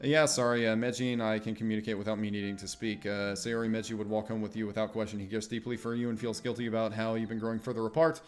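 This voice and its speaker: A man's voice: lowish voice, level tone, fast, hardly any pauses, close to an everyday voice. Gloomy, apologetic teenage schoolgirl from a visual novel, read by a man in his own voice. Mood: downcast.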